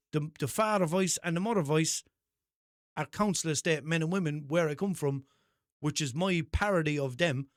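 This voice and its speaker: Young Limerick man, high-pitched, dry close sound, rambling sweary podcast host. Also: no echo. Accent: Limerick Irish. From Ireland. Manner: rambling, sweary, self-mocking storytelling with put-on voices. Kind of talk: casual solo podcast monologue.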